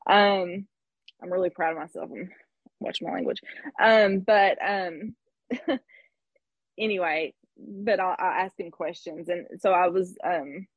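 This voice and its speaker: A husky-voiced woman in her thirties shares her story in an open, reflective way, laughing lightly between thoughts. The recording is dry and slightly dull. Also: fairly low pitch, unhurried, pauses often, no room sound. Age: 30s. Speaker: guest. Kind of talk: personal story in conversation.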